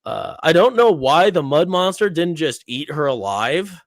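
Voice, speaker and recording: A man's voice: fairly high pitch, very animated, unhurried, no room sound. Rambling young man, dry close sound. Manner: rambling retelling with frequent fillers and laughs. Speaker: host. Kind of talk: casual review chat.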